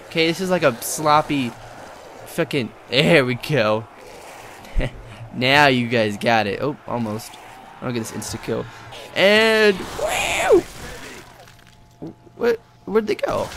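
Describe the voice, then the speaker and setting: A man's voice: on the high side, slight background noise. Rambling young man yelping over a game. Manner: excitable, rambling, swears and yelps often. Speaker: gameplay commentator. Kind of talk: live gameplay commentary.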